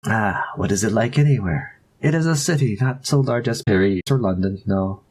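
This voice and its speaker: A man's voice: deep voice, normal speed, darkish tone, husky. A man voicing a kindly young French maid in a put-on French accent. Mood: gentle.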